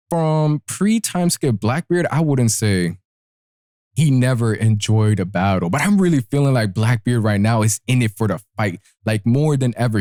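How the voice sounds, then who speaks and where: A man's voice: medium pitch, a little mellow, dry recording, clean studio sound. A young man hosting a casual commentary show, talking loosely and acting out characters' lines as he goes. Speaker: podcast host. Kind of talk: casual manga chapter commentary.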